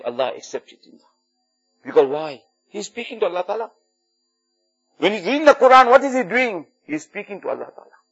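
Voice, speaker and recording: A man's voice: fairly high pitch, a bit bright, breathy edge. A man preaching a sermon in earnest, repeating key phrases for emphasis. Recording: dull lo-fi recording with faint music.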